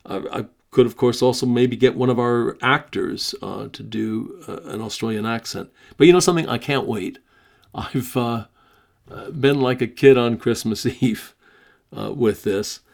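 A slow-speaking American man with a gravelly edge to his voice hosts a podcast. He talks in a conversational, hesitant way, pausing often, and also reads a written story aloud. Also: mid-range voice, a little mellow. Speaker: podcast host. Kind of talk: casual podcast talk and reading a story aloud.

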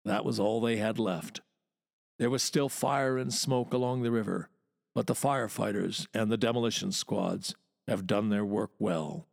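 Guy with a gravelly voice reading an old war report slow and steady, long echo tail. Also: fairly low pitch. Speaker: podcast reader. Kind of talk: dramatic reading of a wartime news dispatch.

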